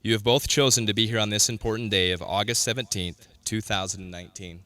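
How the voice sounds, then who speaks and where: Man, wedding officiant, solemn, formal, lowish voice, smooth resonant tone, dry sound. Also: fairly even intonation, brisk, bright, forceful tone, no echo. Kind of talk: ceremonial officiating.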